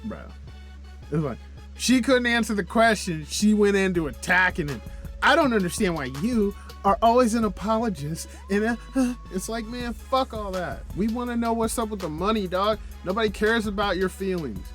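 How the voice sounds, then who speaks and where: A man's voice: sits high, expressive, moderate pace, fairly bright tone, faint music behind. A man hosting a reaction video, talking in a casual, profane, exasperated way with plenty of slang.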